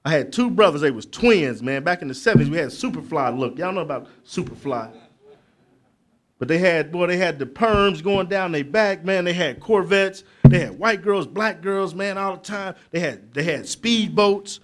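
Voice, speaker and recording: A middle-aged man, giving a motivational speech to young people at a conference, preacherly and building to loud emphatic peaks with asides to the crowd. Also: sits high, animated, moderate pace. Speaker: motivational speaker. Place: conference hall.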